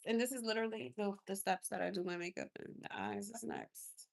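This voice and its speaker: Young woman, makeup livestreamer, chatty and effusive, mid-pitched voice, phone in a car. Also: animated, fairly quick, vocal fry, hardly any pauses. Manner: chatty and effusive, reacts to viewers and gifts. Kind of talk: casual livestream chat with viewers. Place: inside a car.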